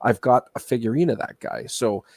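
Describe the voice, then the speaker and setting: A man's voice: medium pitch, normal speed, creaky, a little mellow, no room sound. A male guest telling rambling stories in casual chat, with frequent hesitant fillers.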